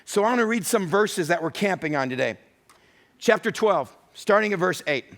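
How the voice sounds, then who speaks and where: A man's voice: high-pitched, expressive, moderate pace, fairly bright tone. A middle-aged male pastor preaching a sermon with emphasis, often voicing God's words as quotes.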